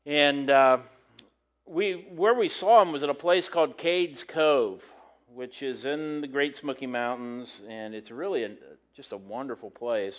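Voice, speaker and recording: Halting, folksy middle-aged man preaching. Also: mid-range voice. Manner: rambling, halting, with many fillers and restarts. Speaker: pastor. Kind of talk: casual sermon storytelling.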